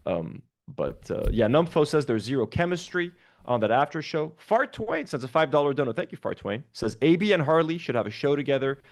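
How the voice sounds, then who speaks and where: Animated, swearing man on a stream. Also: fairly high pitch, fairly quick. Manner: animated, swearing, lots of fillers. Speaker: livestream co-host. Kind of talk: casual reaction stream chat.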